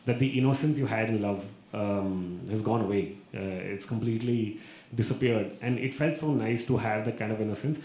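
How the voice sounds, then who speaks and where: A man's voice: fairly low pitch, a little fast, mellow, a little hiss or hum. A young man from India, telling a rambling, self-mocking personal story at an open mic. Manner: rambling, self-mocking, uses many fillers. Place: small performance room. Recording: echoey room.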